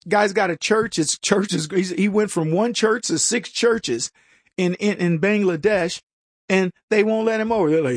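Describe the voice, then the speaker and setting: In clean, dry studio sound, a high-pitched male host delivers an opinionated political monologue. He mocks and uses sarcasm, tripping over words, starting again, and chuckling at his own jokes.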